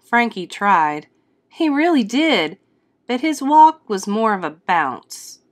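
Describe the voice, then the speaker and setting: A woman reading a children's storybook aloud in a slow, expressive, teacherly way. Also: on the low side. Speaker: read-aloud host.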